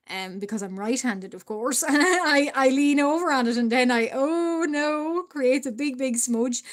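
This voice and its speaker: An Irish woman talks casually to her stream chat as she draws, her voice sitting a little high. She rambles with plenty of "uh" and "um" and breaks into small laughs. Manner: hesitant, chatty, many fillers, laughs often. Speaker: art livestreamer. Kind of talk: casual livestream chat while drawing.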